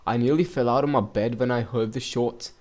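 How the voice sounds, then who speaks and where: A man voicing a gossipy middle-aged male neighbor in a game, attempting a rough Scottish-style accent. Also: mid-range voice, steady tone, fairly quick, darkish tone, natural voice. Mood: chatty.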